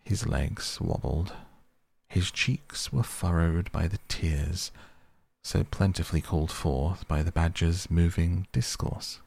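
A man narrating a classic children's story in an unhurried, measured way. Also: low voice, vocal fry, a little mellow.

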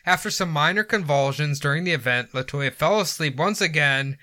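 A man's voice: fairly high pitch, a little fast, sharp tone. A man hosting a podcast, telling a story casually in an irreverent way and laughing often. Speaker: podcast host.

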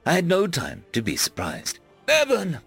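An expressive male narrator reading a fantasy web serial in first person, his voice rising and dropping dramatically through the action. Mid-range pitch with a lively melody, and faint music running softly underneath. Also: normal speed. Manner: expressive, dramatic pitch swings, shouted dialogue. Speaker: audiobook narrator.

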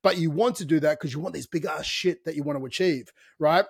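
A man co-hosting a fitness podcast in casual chat, talking in an energetic, motivational way and swearing casually. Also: a little high, a little fast, vocal fry, breathy edge, no echo, studio quality. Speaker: podcast co-host, fitness coach.

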